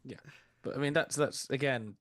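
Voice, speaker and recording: A man's voice: mid-range voice, normal speed, fairly bright tone. A man co-hosting a podcast, chatting casually about films and hesitating and repeating words as he works out his thoughts. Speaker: podcast co-host. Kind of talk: casual film discussion.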